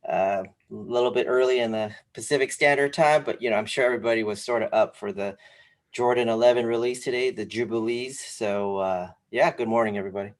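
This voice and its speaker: A man co-hosting a casual podcast, talking in a rambling, animated way with lots of fillers. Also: medium pitch, brisk. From came to this country when young. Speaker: podcast co-host. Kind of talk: casual sneaker podcast chat.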